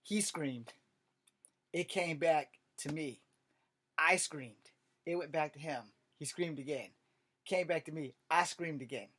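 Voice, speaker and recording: A man's voice: on the high side, unhurried, pauses often, fairly bright tone. A man with a drawl tells a personal story in a casual, meandering way. He swears freely and fills gaps with "um" and "like" while he talks. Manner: rambling and profane, full of fillers. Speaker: vlogger.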